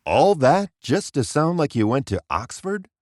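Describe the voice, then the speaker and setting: A man hosting a comedy interview show with a wry, deadpan manner. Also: mid-range voice, unhurried, no echo, studio quality. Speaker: talk show host.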